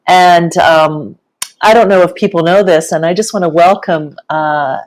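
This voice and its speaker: Relaxed woman, easygoing filler-heavy chat. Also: fairly low pitch, measured pace, poor audio. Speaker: co-host, ceremony facilitator. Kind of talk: casual live-stream conversation.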